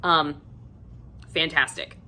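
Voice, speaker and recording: A woman's voice: sits low, steady tone, slow, sharp tone. A woman giving a casual video book review, gushing and effusive and swearing freely.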